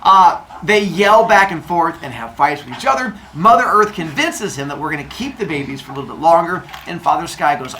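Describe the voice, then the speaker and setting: A man's voice: on the high side, expressive, brisk, hardly any pauses, pushed and bright, a little hiss or hum. A man teaching a class of children, retelling a myth in a playful, jokey way with silly sound effects. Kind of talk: storytelling lesson to children.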